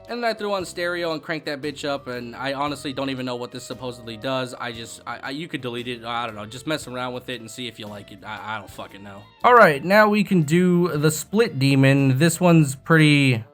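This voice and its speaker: Brief: casual young male tutorial host, profane and self-mocking, bassy desk mic, faint music underneath. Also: fairly bright tone. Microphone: desk microphone with bass-boosting EQ.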